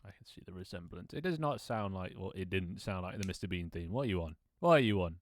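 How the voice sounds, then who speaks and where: A man's voice: deep voice, fast talker, slight background noise. A man with an English accent, chatting casually as a streamer, rambling and jokey and swearing freely. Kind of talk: casual live-stream chat.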